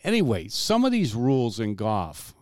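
A man's voice: moderate pace, dry recording, studio quality. A man chatting casually and telling a long, rambling story, full of restarts and asides. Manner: rambling, with lots of restarts and lively pitch swings.

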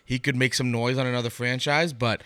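A man co-hosting a podcast in casual sports chat, animated and acting out what coaches say. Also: medium pitch, brisk, clear, resonant tone, dry recording, studio quality. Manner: animated, acts out quoted coaches. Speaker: podcast co-host.

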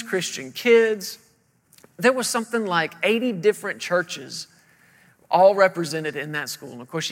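Brief: man in his 30s, storytelling pastor, high and bright, reverberant church hall. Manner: storytelling, acting out voices, humorous. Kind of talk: sermon.

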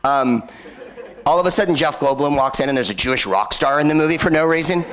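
A man's voice: fairly high pitch, rapid-fire, a bit bright. A man hosting a film screening before a live audience, riffing in a rambling, sardonic stand-up style full of fillers and asides. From United States.

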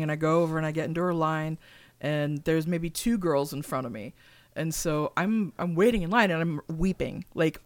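A woman's voice: lowish voice, slight background noise. Casual swearing woman podcast co-host. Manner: emotional storyteller, swears freely, laughs often. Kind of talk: casual chat.

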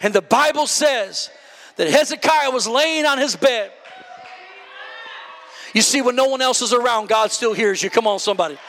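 High, bright-voiced impassioned male preacher. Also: normal speed, long pauses. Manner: impassioned, often shouting and building to high cries; calls out to the congregation. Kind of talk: sermon.

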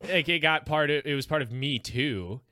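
Bright-voiced chatty man. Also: on the high side, moderate pace, dry recording, studio quality. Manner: rambling, chatty, laughs often. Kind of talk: casual chat.

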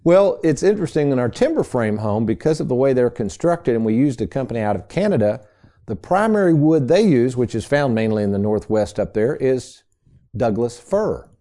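Middle-aged guy hosting a money radio show, folksy and chatty, warm mellow tone. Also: medium pitch, expressive, normal speed. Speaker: financial radio show host. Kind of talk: casual storytelling on a radio show.

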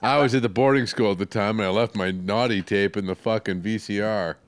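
A man's voice: fairly low pitch, steady tone, a little fast, clean tone, no room sound. A man co-hosting a podcast, cracking crude jokes and laughing in casual chat. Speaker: podcast co-host.

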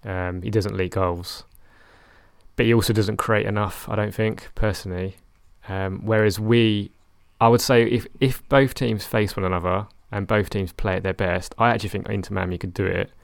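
A man's voice: on the low side, steady tone, normal speed, vocal fry, no room sound, studio quality. A young man talking casually about his football management game, rambling and correcting himself with a wry tone. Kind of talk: casual chat.

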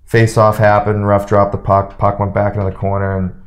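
Deep-voiced young man telling a story. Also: fairly quick. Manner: relaxed storyteller who acts out quotes. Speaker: interview guest, former hockey player. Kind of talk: casual storytelling interview.

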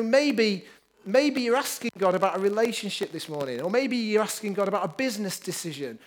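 A man preaching a lively, upbeat sermon, joking with his congregation. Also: sits high. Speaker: pastor.

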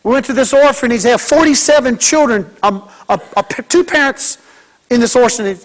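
A man's voice: very high-pitched, fairly quick. A man preaching a sermon as pastor, folksy and joking, mimicking kids and church members.

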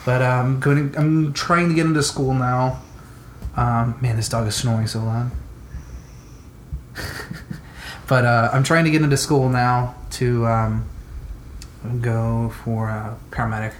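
A man's voice: mid-range voice, fairly even intonation, unhurried, pauses often, a little hiss or hum. A young man co-hosting a casual podcast chat, swearing freely, ranting and laughing often. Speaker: podcast co-host.

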